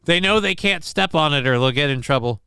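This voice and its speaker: A man's voice: a little high, expressive, brisk, bright, forceful tone, clear, resonant tone, dry recording, clean studio sound. A man hosting a casual live stream, reacting to news clips with rambling, sarcastic asides. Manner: rambling, sarcastic, mock voices for people in clips. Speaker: show host.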